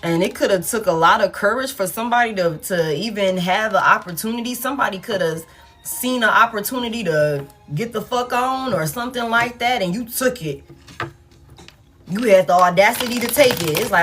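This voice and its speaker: A woman's voice: mid-range voice, fairly quick, fairly bright tone. A woman doing a casual tarot reading to camera, chatty and swearing freely as she talks straight to her viewers. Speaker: tarot reader. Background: faint background music.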